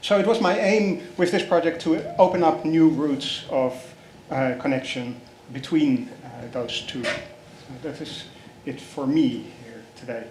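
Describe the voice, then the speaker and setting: A man, an academic chairing a panel, speaking in a measured, hesitant way with many fillers. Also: on the high side, a little mellow. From Netherlands. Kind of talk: panel discussion. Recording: echoey room with faint background noise.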